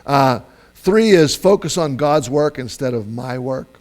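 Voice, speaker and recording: A man's voice: medium pitch, lively intonation, measured pace, darkish tone, rough recording. Chatty, rambling male pastor. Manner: conversational, digressive, with many fillers and restarts. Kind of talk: sermon.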